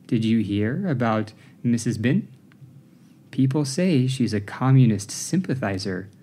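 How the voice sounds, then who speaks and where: A man voicing a polished woman in her late forties who collects donations, smooth and insinuating. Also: mid-range voice, warm tone.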